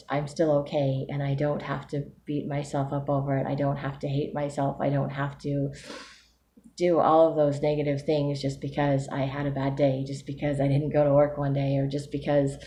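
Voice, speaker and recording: A woman's voice: very deep voice, mellow, slight background noise. A woman giving a weekly video diary update, talking candidly and thinking aloud about herself. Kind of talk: casual spoken video diary.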